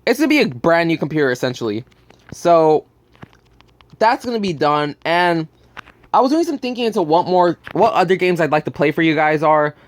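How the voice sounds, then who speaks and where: A man's voice: on the high side, lively intonation, moderate pace. A young man telling a blunt, profane story about work in a casual vlog. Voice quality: burping, just ate. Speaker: gaming channel host.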